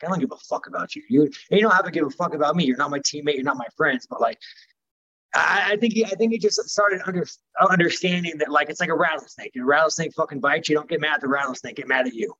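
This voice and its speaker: A man's voice: a little high, fast talker, bright, forceful tone, breathy edge, highs cut off. A man speaking as a professional fighter in a casual interview, blunt and profane, rambling with many fillers.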